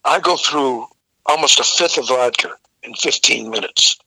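Older male singer guest, very bright cutting voice, dry close sound, salty storyteller. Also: medium pitch, moderate pace, slightly rough, no echo, poor audio. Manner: profane, vivid storyteller who acts out the people in his story. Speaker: guest vocalist. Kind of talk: storytelling in a casual interview.

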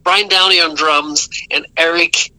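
High, bright-voiced man. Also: fairly even intonation, measured pace, no echo, low-quality recording. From Ireland. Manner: rambling, self-correcting anecdotes with laughs. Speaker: guest musician. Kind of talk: casual storytelling interview.

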